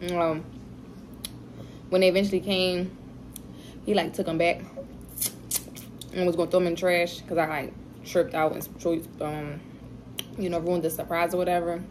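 A woman's voice: on the low side, little pitch movement, normal speed, long pauses, a little hiss or hum, rough recording. A young woman chatting casually to her viewers while eating, telling a story with laughs. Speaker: vlogger, mother.

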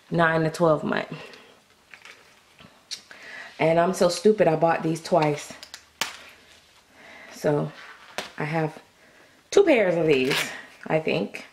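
Chatty woman with a gravelly voice. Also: low-pitched, echoey room, a little hiss or hum. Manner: chatty, talks to the viewers. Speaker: doll collector vlogger. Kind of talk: casual chat to camera.

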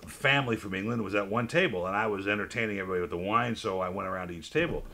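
A man hosting a wine tasting who tells an animated story in casual chat. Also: on the low side, very fast, vocal fry. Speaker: wine club host.

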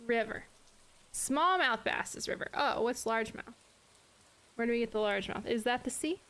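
A woman streaming live gameplay, chatting to her viewers, swearing freely and talking softly to her dog. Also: a little high, moderate pace. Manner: swears often, chatty and exasperated; talks softly to her dog between game moments.

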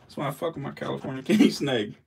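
A man's voice: medium pitch, fast, creaky, darkish tone, a little hiss or hum. A man filming his snakes as they feed, laughing, swearing and talking straight to the animals in a casual vlog.

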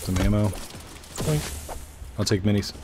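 A man's voice: lowish voice, animated, a little slow, background noise. A man hosting a casual gaming session with friends, joking around and calling out the loot he finds over voice chat. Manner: joking, sings silly songs, calls out loot. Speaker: gaming channel host.

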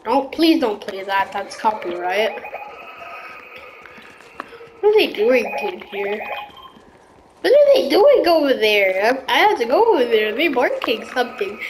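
Woman, gameplay commentary, excitable, slangy, yelling reactions, faint ambient noise behind. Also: fairly high pitch, measured pace, long pauses, rough recording. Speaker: gaming video creator.

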